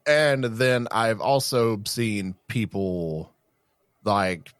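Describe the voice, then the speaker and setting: A man co-hosts a podcast, speaking bluntly and casually and swearing now and then. His voice sits very low. The sound is dry and close, with no room echo. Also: expressive, extremely slow. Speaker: podcast co-host. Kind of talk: casual chat.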